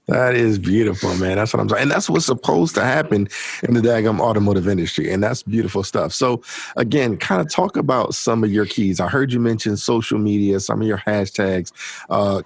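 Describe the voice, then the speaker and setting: A man hosting a casual interview podcast, encouraging his guest with quick remarks. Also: on the low side, gravelly, breathy edge, dry recording. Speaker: podcast host.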